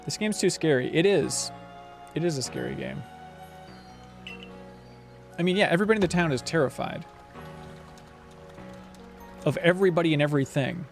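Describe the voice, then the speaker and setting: A man's voice: on the high side, moderate pace, gravelly, long pauses, soft background music. A man casually commentating a game livestream with joking, rambling asides. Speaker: game streamer.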